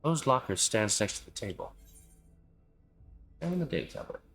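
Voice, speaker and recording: A man streaming a game, casually reading its prompts and choices aloud in a relaxed way. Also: medium pitch, normal speed. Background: faint game music.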